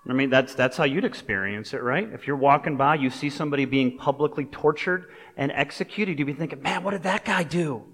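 A man preaching a sermon as a pastor, in a relaxed, conversational way with personal stories and asides. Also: mid-range voice, a little fast, few pauses. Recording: long reverb of a large hall.

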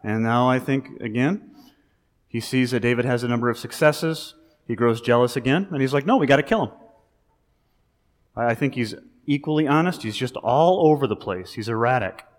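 Male pastor, mid-pitched voice, casual animated sermon, long hall reverb. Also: brisk. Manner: conversational, animated preaching with rising emphasis.

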